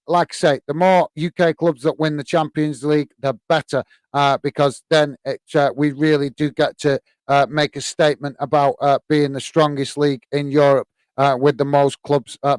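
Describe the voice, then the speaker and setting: Uk guy hosting a footy stream, bit higher voice, smooth and crisp, lots of uhs, calls everyone mate. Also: level tone, normal speed, dry recording. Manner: hesitant, many uh fillers, friendly, calls viewers mate. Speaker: football watch-along host. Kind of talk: live-stream chat reading viewer comments.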